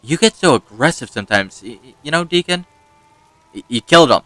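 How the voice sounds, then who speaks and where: Bright-voiced man chatting over gameplay. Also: on the high side, lively intonation, fairly quick, no echo. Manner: rambling storyteller who laughs and swears. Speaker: gaming YouTuber. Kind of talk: casual let's-play commentary.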